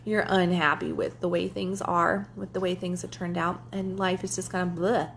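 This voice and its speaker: A woman's voice: on the low side, level tone, moderate pace, a bit bright, a little hiss or hum. A woman life coach talking casually to her viewers, candid and chatty, sometimes swearing and acting out what others said. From German heritage. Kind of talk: casual livestream talk to viewers.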